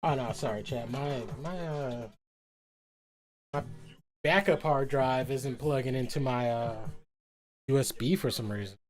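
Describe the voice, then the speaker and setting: A man's voice: mid-range voice, a little slow, pauses often. A man streaming a game, chatting casually and rambling, swearing and joking at himself. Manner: rambling, swears freely, self-mocking. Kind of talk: casual gaming stream chat.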